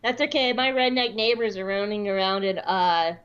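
A woman from the American South hosting a casual podcast chat, talking in an animated way and acting out quoted dialogue. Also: medium pitch, moderate pace, clear, resonant tone, lo-fi sound. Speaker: podcast host.

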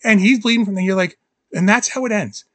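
A man co-hosting a podcast in casual chat, excitably acting out movie scenes in quoted voices. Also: high voice, fast talker, dry recording. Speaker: podcast co-host.

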